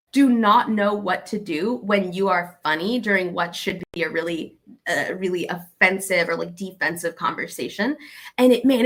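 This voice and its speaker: A young woman with a Southern American accent giving casual, animated advice and acting out the exchanges she describes. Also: medium pitch. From Arkansas, USA. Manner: animated, acts out quoted exchanges.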